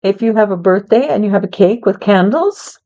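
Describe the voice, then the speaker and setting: A woman teaching English to learners, speaking slowly and clearly in a patient, encouraging way. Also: medium pitch, expressive, dark tone, lo-fi sound. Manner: patient, encouraging, talks to a child helper.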